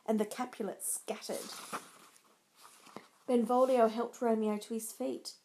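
A woman narrating a dramatic story in a measured storybook style. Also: on the high side, little pitch movement, dark tone, a little hiss or hum.

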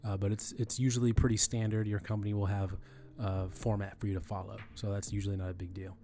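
A man's voice: lowish voice, flat delivery, quick pace, mellow, slight background noise. Casual man explaining with many restarts. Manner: conversational, many restarts and fillers, repeats himself. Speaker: teacher. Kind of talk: screen-recorded tutorial on email etiquette.

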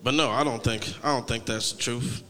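Late-twenties male stand-up comic, sharp bright tone, loose and profane, slightly high, on a reverberant stage. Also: brisk. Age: 20s. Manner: laid-back, rambling, heavily profane. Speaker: stand-up comedian. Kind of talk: stand-up comedy set.

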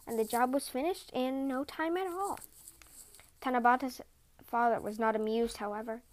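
Woman reading a folktale aloud. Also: fairly high pitch. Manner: calm, expressive storytelling. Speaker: podcast storyteller.

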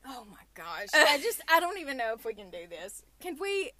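A woman's voice: fairly high pitch, big pitch swings, fairly quick, bright, forceful tone. A young adult woman hosting a casual podcast, telling stories and ranting animatedly from a small closet booth. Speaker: podcast host.

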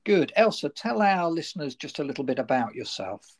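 A man with a southern English accent hosting a podcast interview, talking in a halting way with many fillers and restarts. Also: a little high, very animated. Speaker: host.

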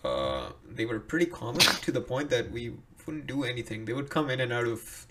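A man co-hosting a casual podcast, relaxed and quick to laugh as he shares his own experiences. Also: mid-range voice, very noisy. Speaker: podcast co-host. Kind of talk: casual chat.

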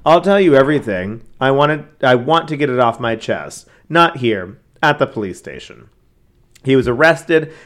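Man, casual true-crime chat, conversational, lots of fillers. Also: medium pitch. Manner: conversational, many fillers and asides. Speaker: podcast co-host.

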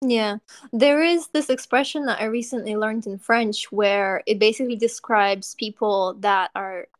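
A young woman from Russia hosting a podcast, telling stories in a chatty, animated way with lots of "like". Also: mid-range voice, measured pace, no echo, clean studio sound. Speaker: podcast host. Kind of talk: casual chat.

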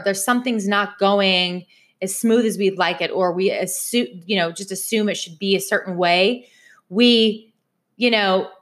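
A young woman telling a personal story in a chatty way, speaking straight to her viewers. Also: mid-range voice. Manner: chatty, addresses viewers directly. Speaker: vlogger.

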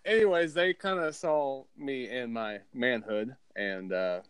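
A man's voice: mid-range voice, unhurried, smooth. A man co-hosting a casual podcast, telling a funny story in a laid-back way. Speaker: podcast co-host. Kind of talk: casual chat.

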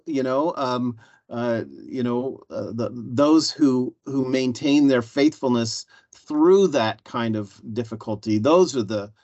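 A man's voice: mid-range voice, no room sound. Hesitant man on a dull dry recording. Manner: hesitant, many fillers. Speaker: panel member. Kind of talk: church panel discussion. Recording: slightly dull dry sound.

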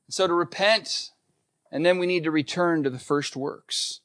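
A man's voice: on the high side, unhurried, a bit bright. A middle-aged man preaching a sermon, earnest and emphatic, repeating key points. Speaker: pastor.

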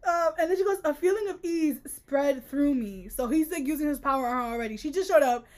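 A woman with a high voice talks fast as she co-hosts a casual book-club podcast. She's animated, reading passages aloud and riffing on them with exasperated jokes.

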